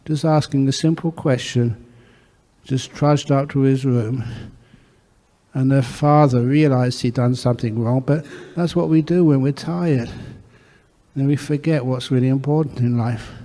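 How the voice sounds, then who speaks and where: Storytelling monk in a reverberant hall. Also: male voice, mid-range voice, steady tone, a little slow. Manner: warm anecdotal storytelling with acted dialogue. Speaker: Buddhist monk teacher. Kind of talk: storytelling dharma talk. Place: monastery hall.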